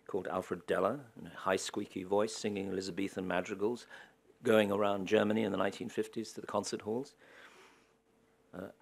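Low-voiced man giving a wry lecture. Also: creaky. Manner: wry, anecdotal, dry humor. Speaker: guest lecturer. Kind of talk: public lecture.

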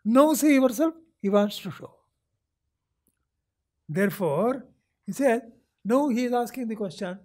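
A spiritual teacher with an Indian accent lectures on scripture in an extremely high, expressive voice, speaking at a measured pace with long pauses and a darkish tone. He explains patiently, often checks that listeners are following, and voices a seeker's lines as quotes.

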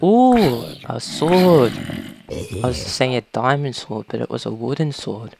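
A woman casually commentating a video game, talking to creatures and breaking into panicked shouts. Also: very deep voice, expressive, slow pace, vocal fry, a little hiss or hum. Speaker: gaming YouTuber.

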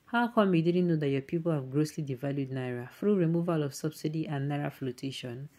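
A woman's voice: deep voice, brisk, dark tone. A woman with a Nigerian accent hosting an online news show, reading viewer comments aloud and mixing in emphatic Pidgin asides.

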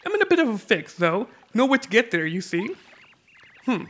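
A pompous old explorer with a mock-posh air, put on by a man. The voice sits high and bright, stumbling through restarts as it announces its grand quest in a video game. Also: very animated, moderate pace. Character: pompous old male explorer, upper-crust gentleman.

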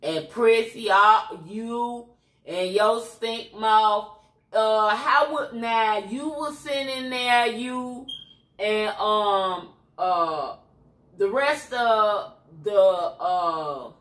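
A Chicago woman with a Chicago accent rants on her channel, blunt and streetwise, with a preachy edge. Her voice sits fairly high and she takes her time with each phrase. The room around her is echoey. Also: drawn-out words, a bit bright. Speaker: YouTuber. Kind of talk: ranting commentary livestream.

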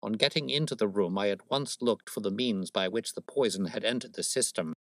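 A sharp, cool-headed detective, as a man puts him on in a storybook reading, laying out his reasoning with dry precision. The voice stays low and close, with a dead, dry sound and no room around it. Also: brisk, no echo, close to an everyday voice. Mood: lecturing.

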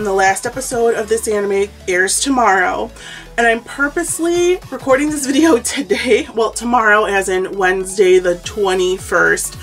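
A chatty woman vlogger rattles off her anime opinions, laughing between quick asides. She sits a little back from the mic, and soft music plays under her voice. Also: on the high side. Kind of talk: casual countdown commentary vlog. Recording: distant mic with background music.

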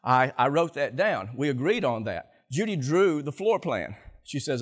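Guy preaching, really lively up and down delivery, kinda husky, acts stuff out. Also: mid-range voice, moderate pace. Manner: animated storytelling, acts out scenes, repeats words. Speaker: pastor. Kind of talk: sermon.

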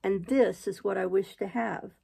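A woman reading as a bitter, commanding gentleman. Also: medium pitch, fairly even intonation, normal speed, gravelly, husky, exaggerated voice. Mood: scornful.

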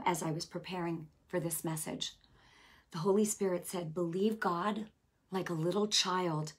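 Husky woman preaching casually. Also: medium pitch. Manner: animated, repeats phrases, quick asides. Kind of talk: casual sermon.

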